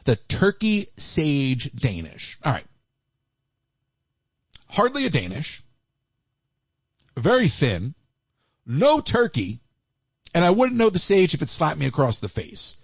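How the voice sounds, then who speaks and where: A man hosting a live call-in stream, chatty and animated, with Yiddish asides. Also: fairly high pitch, slow, long pauses, slightly rough, no echo. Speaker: livestream host taking calls. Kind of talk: casual chat. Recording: dull lo-fi livestream audio.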